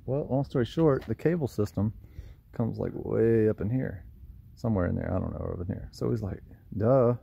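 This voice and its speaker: Husky and mellow with vocal fry, this fairly low-pitched man talks briskly, his Southern accent coming through as he rambles in a folksy, self-mocking way. He owns a lawn care business and is walking through a DIY project outside his trailer for a casual how-to vlog. The camera-mic recording sounds muffled.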